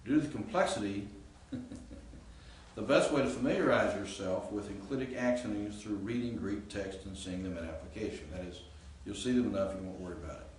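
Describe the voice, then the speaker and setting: A man with a lowish voice teaches Greek grammar at a brisk clip, laying out rules, posing questions to the class and leaning on fillers. The recording has a faint hiss or hum and comes from a distant mic in an echoey room.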